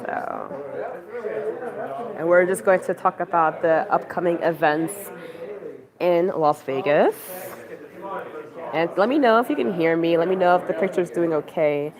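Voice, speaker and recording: A woman's voice: on the low side, measured pace, pauses often. A woman livestreaming on her phone from a campaign office, chatting casually and rambling with lots of fillers. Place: busy campaign office indoors. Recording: crowd chatter behind.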